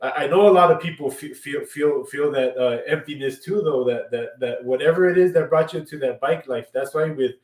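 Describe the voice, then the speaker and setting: A man's voice: fairly high pitch, brisk, few pauses, darkish tone. A man co-hosting a casual chat show, rambling, repeating words and dropping "you know what I mean" over and over. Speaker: co-host. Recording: roomy, from far off the mic.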